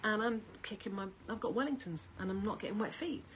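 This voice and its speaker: A middle-aged woman chats at length to her camera from home. Her talk is rambling and lively, drifting from topic to topic at an everyday pitch. A faint hum of background noise sits under the recording. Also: fairly quick. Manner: chatty, rambling, animated. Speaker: vlogger. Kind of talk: casual chat to camera.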